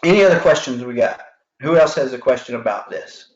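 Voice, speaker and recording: A man's voice: mid-range voice, expressive, a little fast. A man coaching salespeople on a live video call, acting out customer dialogues with energy. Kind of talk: live online sales training. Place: home office with alarms. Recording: roomy, dull lo-fi sound.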